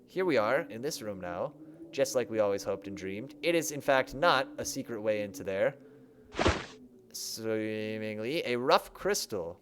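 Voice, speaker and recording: A man's voice: mid-range voice, noisy background. Chatty young man streaming a game. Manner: chatty, thinking aloud, self-mocking. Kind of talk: casual let's-play commentary. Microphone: desk microphone.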